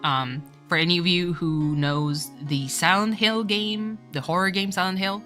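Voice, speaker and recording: A woman's voice: on the low side, steady tone, unhurried, pushed and bright, soft background music. A woman chatting casually on a live stream while playing a game, joking and swearing with bursts of laughter. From Canada.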